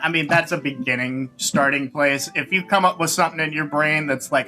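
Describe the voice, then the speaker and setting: A man running a tabletop game as dungeon master over voice chat, laughing often and halting with restarts. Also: fairly high pitch, fairly even intonation, bright, forceful tone, soft background music. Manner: laughing, halting, self-mocking.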